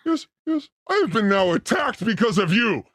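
A man's voice: sits high, big pitch swings, moderate pace, fairly bright tone, no echo, clean studio sound. A man co-hosting a livestream, teasing his co-host with mock outrage in casual banter. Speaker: co-host of a streamed show.

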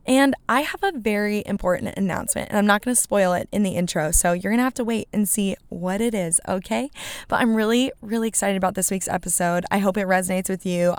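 A woman's voice: mid-range voice, smooth, no room sound. A young woman hosting her own podcast, chatting casually in a bubbly, rambling, self-deprecating way from inside a parked car. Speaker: podcast host. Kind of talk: casual solo podcast chat.

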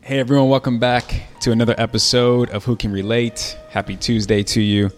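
A man's voice: mid-range voice, level tone, a little fast, faint music behind. A man hosting a podcast, upbeat and chatty as he introduces and interviews his guest. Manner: upbeat, friendly, chatty, with frequent fillers. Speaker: podcast host.

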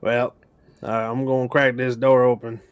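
A man running a tabletop game as game master, relaxed and hesitant with frequent ums. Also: medium pitch, moderate pace, a crowd in the background.

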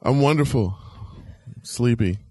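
A man co-hosting a podcast in casual chat, dry and deadpan, swearing casually. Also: medium pitch, takes it slowly, breathy edge, no echo. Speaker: podcast co-host.

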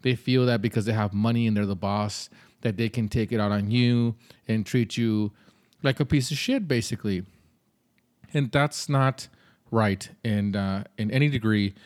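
A man's voice: on the low side, normal speed, a little mellow. Blunt conversational male podcast host. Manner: blunt, conversational, with mild swearing. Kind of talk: casual advice monologue.

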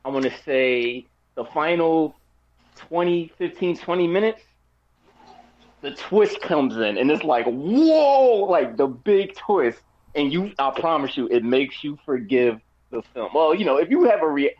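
Rambling man with hiccups, casual podcast co-host, highly animated delivery, slightly raised pitch, dull lo-fi recording. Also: measured pace. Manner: animated, rambling, frequent fillers and restarts. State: has the hiccups. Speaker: podcast co-host giving a movie review. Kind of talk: casual chat.

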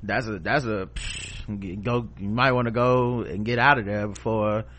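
A man co-hosting a podcast in casual chat, making wry deadpan asides and now and then putting on mock-posh voices. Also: on the low side, moderate pace, a little hiss or hum. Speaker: podcast co-host.

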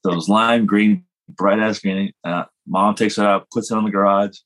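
A man's voice: fairly low pitch, fairly even intonation, moderate pace, fairly bright tone. A man telling self-mocking stories in a casual chat, rambling and laughing at himself.

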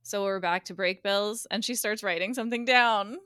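A woman's voice: mid-range voice, clean tone, dry recording, clean studio sound. A woman co-hosting a podcast, recapping a TV episode in casual chat and acting out the characters' lines. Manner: animated storyteller, acts out lines with quick voice shifts. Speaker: guest co-host recapping a TV episode.

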